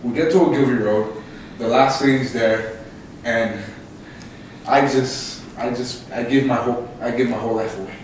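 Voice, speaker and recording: A young man, a podcast host, telling a story casually and with much laughter, his voice leaping high when excited. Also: moderate pace. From Canada. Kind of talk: casual storytelling among co-hosts. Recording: echoey room, distant mic, faint noise.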